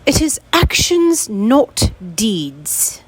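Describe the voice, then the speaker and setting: A woman's voice: a little high, very animated, drawn-out words, breathy edge, pitched above the performer's own voice, heavily acted, rough recording. A woman voicing her older English father, with a London accent, reciting a favorite proverb in a firm, lecturing way. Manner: upright, lecturing, proverb-quoting.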